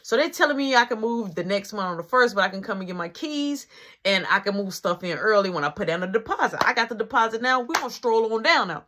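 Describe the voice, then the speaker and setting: A man casually telling a long personal story to camera, slangy and animated, often checking in with the listener. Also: high-pitched, fast.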